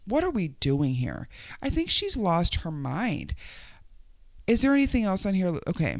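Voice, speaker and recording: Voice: mid-range voice, sing-song, unhurried, vocal fry, dry recording. A vlogger giving casual, exasperated commentary on news clips, often sighing, laughing and tripping over hard words.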